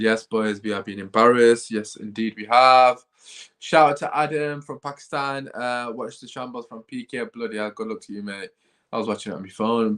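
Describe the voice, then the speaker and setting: A man's voice: mid-range voice, fairly bright tone. A man hosting a live football reaction stream, talking in a dejected, rambling way with sighs. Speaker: football channel host.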